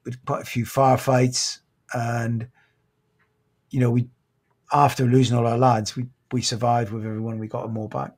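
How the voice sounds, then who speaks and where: A British man in his fifties, a former Royal Marine, telling his story in a podcast interview, halting and sombre, his voice catching with emotion at times. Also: medium pitch, flat delivery, darkish tone. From Britain. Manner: halting, restarts often, sombre recounting.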